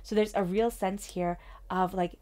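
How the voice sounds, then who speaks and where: A woman doing a tarot reading in a soft, soothing, upbeat manner. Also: medium pitch, fairly even intonation, unhurried. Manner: soft, soothing and upbeat, with whispered meditation passages. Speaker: tarot reader.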